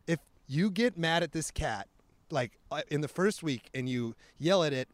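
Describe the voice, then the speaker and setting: A man hosting a casual podcast chat outdoors, joking and teasing his guest with quick asides. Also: on the high side, lively intonation, no echo. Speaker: podcast host.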